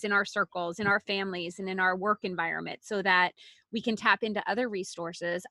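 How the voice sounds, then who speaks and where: A woman who is a businesswoman hosts the conversation, speaking with a bright, clear tone at a middle pitch. Her responses are reflective and encouraging. The recording is dry and close, with little room sound. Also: no room sound. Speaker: podcast host, businesswoman. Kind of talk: conversational interview.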